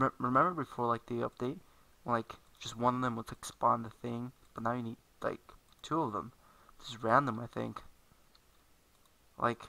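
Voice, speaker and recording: Playing at his computer, a man delivers loose let's-play commentary, wandering off topic and fixing his own words mid-thought. The voice is medium-pitched, pushed and bright, captured on poor audio.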